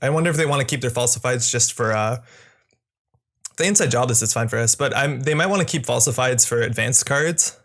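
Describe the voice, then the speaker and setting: A man's voice: medium pitch, a little fast, a bit bright. Young man musing through a card game. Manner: casual, musing, self-correcting. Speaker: channel host and card game player. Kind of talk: thinking-aloud gameplay commentary.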